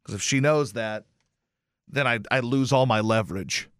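A male radio host telling a casual story with lots of swearing and sudden loud exclamations. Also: medium pitch, moderate pace, clean tone, dry recording, studio quality. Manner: animated, profane, bursts into loud exclamations. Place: radio station studio.

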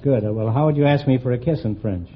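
A man hosting a radio quiz show, teasing his contestants with quick quips and a habit of tacking "huh?" onto his jokes. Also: mid-range voice, slight background noise. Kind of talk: wisecracking quiz show banter. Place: radio studio before a live audience. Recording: dull old broadcast with loud audience.

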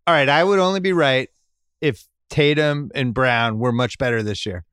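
A man's voice: mid-range voice, normal speed, a bit bright, smooth, no room sound, studio quality. A middle-aged man hosting a casual sports podcast, teasing and joking with his guest. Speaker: podcast host.

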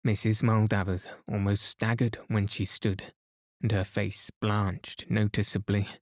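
Man, bedtime story narration, soothing, low voice, very slow, dry close sound. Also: dry recording. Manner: soothing, steady. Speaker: podcast narrator. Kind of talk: calm bedtime story reading.

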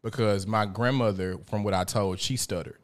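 A man hosting a casual talk show, telling lively stories, swearing and laughing often. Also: on the low side, normal speed. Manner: animated storyteller, profane, laughs often. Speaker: podcast host. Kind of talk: casual conversation.

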